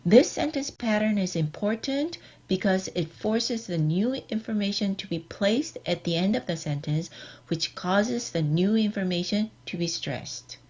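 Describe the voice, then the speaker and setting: A woman giving a scripted online lecture, reading out example sentences in a measured, deliberate way. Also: medium pitch, lively intonation, a little mellow. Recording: dull lo-fi recording.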